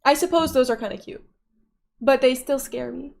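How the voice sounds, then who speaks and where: A woman's voice: high-pitched, normal speed, gravelly, a little mellow. A young woman livestreaming, casually reading and answering chat with playful giggles.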